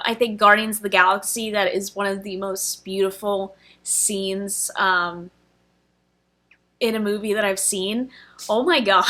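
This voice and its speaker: A woman's voice: a little high, pushed and bright. A young adult woman reviewing a film in casual chat, gushing and emotional, with many fillers.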